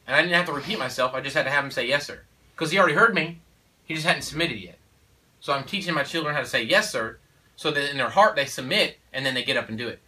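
Fairly high-pitched, pushed and bright, a man who is a father of four gives his take on parenting. He speaks casually but in an emphatic, preachy manner, frequently tossing in "you know" and "okay?". He's far from the mic, and the recording is rough.

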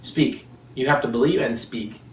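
A man preaching a sermon in an animated, joking way, laughing often as he teaches. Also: mid-range voice, normal speed. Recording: echoey room, mic at a distance.

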